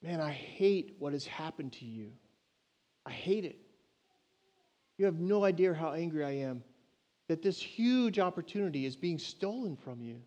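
A man preaching a sermon in an animated, emphatic way that surges loud with passion. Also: on the high side, normal speed, long pauses.

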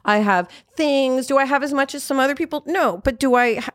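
A woman in her fifties hosts a candid podcast chat, her voice sitting a touch high. She talks frankly and with animation, swearing freely, and the sound is close and dry. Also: a little fast, a bit bright, dry recording. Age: 50s. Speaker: podcast host.

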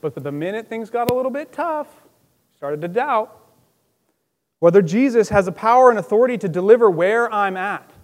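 High-voiced pastor preaching in a reverberant hall. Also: male voice, normal speed. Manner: lively, conversational, acts out quotes with loud bursts. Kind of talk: sermon. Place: church.

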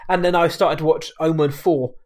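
A man's voice: fairly high pitch, steady tone, normal speed. A man co-hosting a film podcast, casual chat that rambles and corrects itself, often laughing.

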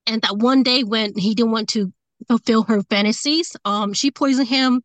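A woman medium talking through her experiences in a fairly high voice, rambling, restarting her sentences and leaning on fillers. She sounds openly emotional and sincere. The sound is dry and close, with no room echo. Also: normal speed. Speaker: medium and tarot reader. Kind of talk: casual interview talk.

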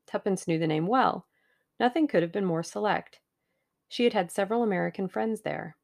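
A woman reads a novel aloud as an audiobook narrator, telling the story in a measured way. Her mid-range voice is creaky and a little mellow.

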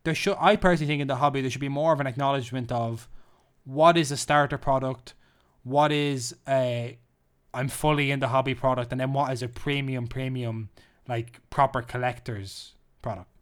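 A man's voice: mid-range voice, fairly even intonation, moderate pace, clean tone. Guy cohosting a chatty podcast, jokey, kinda rambly. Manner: jokey, rambling, reads lists with playful emphasis. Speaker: podcast co-host. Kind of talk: casual chat.

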